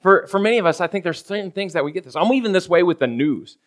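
Casual pastor preaching, slightly high voice. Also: male voice, expressive, quick pace. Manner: casual, keeps asking "right?" of the congregation; acts out everyday scenes in quoted voices. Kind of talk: conversational sermon.

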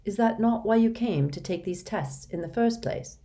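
A woman reading as a gentle, formal old gentleman. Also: mid-range voice, animated, moderate pace, pitched above the performer's own voice, close to an everyday voice. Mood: firm. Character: kindly wise older man, calm and gentle.

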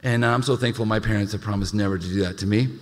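A male pastor preaching a sermon, animated, with frequent stammered restarts and joking asides. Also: lowish voice, quick pace, noisy background. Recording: reverberant hall.

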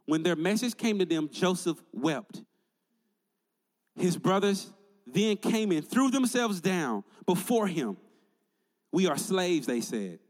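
A man's voice: high voice, big pitch swings, slow pace, darkish tone, big-room sound. A male pastor preaching a sermon in an emphatic, conversational way, building points through repetition.

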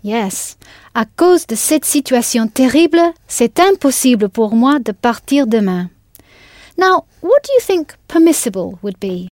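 A woman's voice: fairly high pitch, very animated, a little slow, darkish tone, dry recording, clean studio sound. A woman teaching a language in a scripted audio lesson, patient and encouraging, spelling words out letter by letter.

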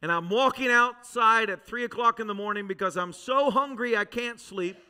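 Bright, high-voiced preacher telling his testimony. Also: normal speed, clean tone. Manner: dramatic testimony storytelling, swinging between loud urgency and hushed intensity. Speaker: pastor. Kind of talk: sermon. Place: church service with a congregation.

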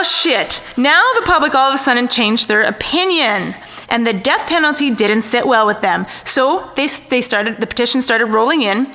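Bright-voiced woman telling a crime story. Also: on the high side. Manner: chatty, wry asides, stumbles over names. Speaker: podcast co-host. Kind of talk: casual true-crime storytelling.

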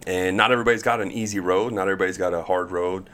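A man in his thirties, a pro pitcher, telling chatty, animated stories as a podcast guest. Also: very fast. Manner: chatty, animated storyteller who acts out quotes. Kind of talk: podcast interview storytelling.

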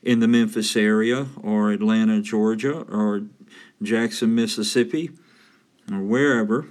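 A man's voice: lowish voice, steady tone, unhurried, darkish tone. A man with a Southern US accent hosting a home maintenance podcast in a folksy, joking way. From Southern United States. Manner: folksy, joking, self-promoting. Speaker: podcast host and roofing consultant. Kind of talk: casual solo podcast monologue.

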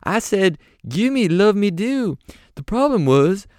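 A man impersonating an aging male British rock star who rambles and swears freely, in a high excited voice. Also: measured pace, no room sound, clean studio sound.

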